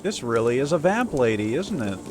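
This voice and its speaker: A young man streaming a horror game, reacting in jokey, sarcastic, animated chat. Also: medium pitch, normal speed, noisy background. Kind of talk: casual gaming livestream commentary.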